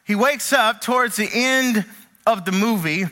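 A man with a high, bright voice preaches a sermon as pastor. He speaks earnestly and tells stories with lively energy. On his key phrases he sinks low and slows down. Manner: animated storytelling with acted quotes.

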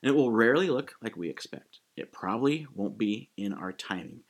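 A man preaching a sermon in a casual, animated way, acting out quick quotes as he goes. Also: lowish voice. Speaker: pastor.

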